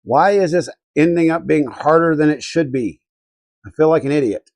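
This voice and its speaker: A man's voice: on the high side, normal speed, darkish tone, no room sound. A middle-aged man from Colorado hosting a casual live stream, talking to himself and his chat while he works. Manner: muttering to himself, reading chat aloud. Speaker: livestream host.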